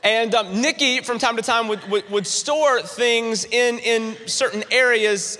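A man with a high, bright voice delivers a sermon, spinning a humorous personal story with animated energy. His words ring out with a long reverb across a large church auditorium. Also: unhurried, a little hiss or hum. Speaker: pastor.

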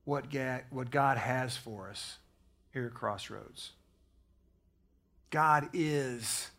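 A man preaching a sermon as pastor, repeating key phrases for emphasis and growing hushed in prayer. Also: medium pitch. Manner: preaching with emphatic repetition, dropping soft at prayer.

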